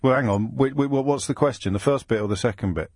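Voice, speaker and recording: A man hosting a radio phone-in, quick and teasing with his callers. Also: mid-range voice, a little mellow, no echo, clean studio sound. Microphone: studio microphone.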